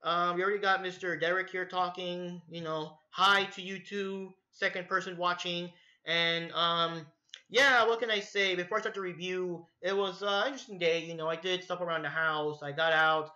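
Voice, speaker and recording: A man's voice: sits high, level tone, normal speed, pushed and bright. A man hosting a casual livestream who rambles loosely and swears freely, in an echoey, dull-sounding room. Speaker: livestream host.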